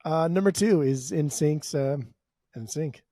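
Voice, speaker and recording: A man's voice: fairly high pitch, a little slow, dark tone, dry recording, studio quality. A man co-hosting a podcast, joking playfully and humming bits of tunes in casual chat. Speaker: podcast co-host.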